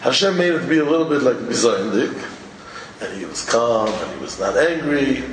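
Animated man teaching in a hall. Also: medium pitch, normal speed. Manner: animated, mixes Hebrew and Yiddish terms into English. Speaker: religious teacher. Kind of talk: informal Torah talk. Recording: echoey hall from far off, faint ambient noise.

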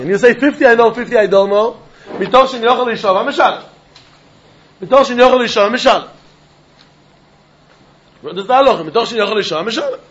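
Man, high-pitched, Talmud class lecture, animated, questioning, muffled lo-fi sound. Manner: animated, questioning, mixing Yiddish and Hebrew terms. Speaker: Talmud teacher.

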